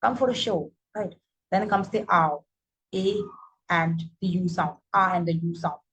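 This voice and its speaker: A woman's voice: fairly low pitch, animated, a little slow, a bit bright, poor audio. A woman, teaching English phonetics. She repeats example words and often checks in with "right?". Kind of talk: phonetics lesson.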